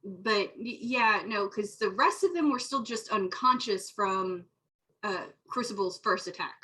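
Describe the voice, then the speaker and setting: A woman's voice: mid-range voice, a little slow, bright, forceful tone, low-quality recording. A woman player in a tabletop roleplaying game, talking casually and correcting herself as she goes. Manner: rambling, self-correcting. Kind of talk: casual tabletop play chat.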